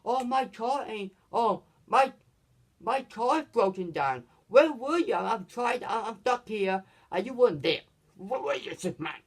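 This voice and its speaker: A man's voice: expressive, unhurried, heavily acted. A man doing a frantic stranded young woman. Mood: panicked. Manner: high, panicky, complaining.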